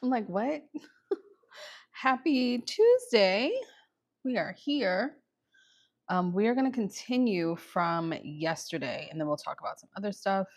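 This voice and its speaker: A woman's voice: lowish voice, normal speed. A woman hosting her own live stream, chatting casually with lots of ums and repeated greetings. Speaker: livestream host.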